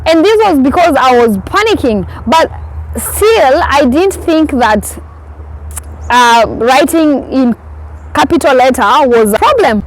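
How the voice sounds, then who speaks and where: A young woman from Kenya chats to her viewers in a casual vlog. Her voice sits high, and she tells her stories with a lively manner, acting out her own past reactions as she goes. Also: unhurried, poor audio. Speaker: vlogger.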